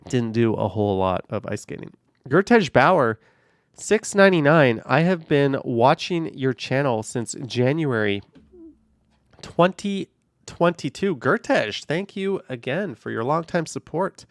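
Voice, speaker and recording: Gravelly, easygoing male streamer. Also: medium pitch, expressive, unhurried, dry recording, studio quality. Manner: easygoing, thanks viewers and answers questions. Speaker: live streamer reading chat. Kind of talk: casual live-stream chat. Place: car, driving around the city.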